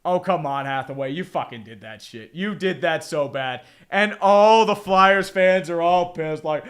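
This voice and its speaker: Young man, high voice, casual hockey play-by-play, excitable, profane, rambling. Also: a little slow, few pauses. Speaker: streamer doing play-by-play.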